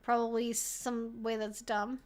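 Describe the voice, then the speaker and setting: High-voiced woman chatting on a stream. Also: level tone, a little slow. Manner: chatty, swears freely, many "like" fillers; laughs often between remarks. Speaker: livestream host answering viewer questions. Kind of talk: casual live-stream chat.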